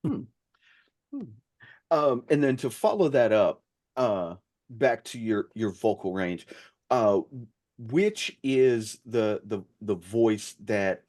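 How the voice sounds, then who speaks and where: A podcast co-host talking slowly and haltingly while asking a guest questions. The delivery stops and restarts often, at an ordinary middle pitch. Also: a little mellow. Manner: halting, with many fillers and restarts. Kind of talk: casual interview chat.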